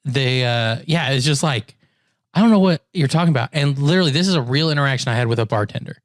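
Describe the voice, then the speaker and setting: A man co-hosting a podcast, trading stories in loose, casual chat. His pitch sits in the middle of the range. He acts out the people he quotes with lively, animated delivery, and the sound is dry and close to the mic. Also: quick pace, no echo. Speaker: podcast co-host.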